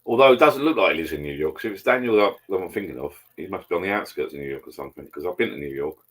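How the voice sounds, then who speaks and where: A man's voice: low voice, animated, very fast. A man hosting a live stream, chatting casually and rambling over beers, swearing freely as he talks to viewers.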